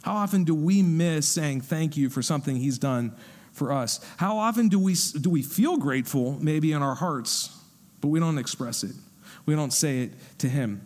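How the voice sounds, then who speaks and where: Higher-voiced male pastor preaching. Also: moderate pace. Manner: conversational, animated when acting out quotes. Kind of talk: sermon.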